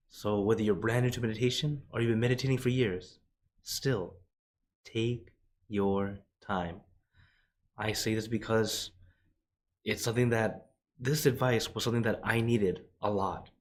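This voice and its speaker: A man who is a monk, leading a guided meditation in slow, gentle, drawn-out phrases, his voice a little rough from a cold. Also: on the low side. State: has a cold, voice lower than usual.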